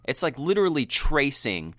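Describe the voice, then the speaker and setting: Lively, bright-voiced man chatting casually. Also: moderate pace, no echo, studio quality. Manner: animated, laughing, acts out quotes in a high voice. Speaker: podcast co-host. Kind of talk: casual movie chat.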